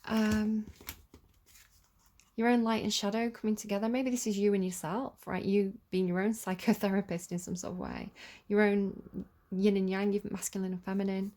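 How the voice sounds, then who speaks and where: A woman's voice: mid-range voice, flat delivery, moderate pace, warm tone. A woman giving a casual tarot reading, talking in a chatty, rambling way with lots of "like" and "you know.". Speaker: tarot reader.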